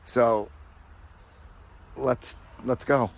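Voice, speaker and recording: A man narrating his own exploration outdoors, talking casually into a handheld camera at a middling pitch. He rambles from one thing to the next and sounds nervous about being caught. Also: steady tone, extremely slow. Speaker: urban explorer vlogger. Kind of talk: casual walk-through narration. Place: outdoors on abandoned resort grounds.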